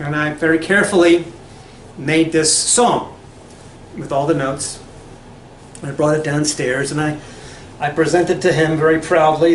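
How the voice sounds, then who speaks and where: A man's voice: a little high, steady tone, a little slow, pauses often, reverberant, slight background noise. A man giving a casual spoken lecture, rambling and conversational, with many fillers and restarts. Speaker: language lecturer.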